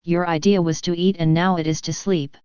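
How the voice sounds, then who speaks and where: A woman reading a gently teasing young shepherdess. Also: lowish voice, fairly even intonation, a little fast, clear, resonant tone, no room sound, muffled recording, close to an everyday voice.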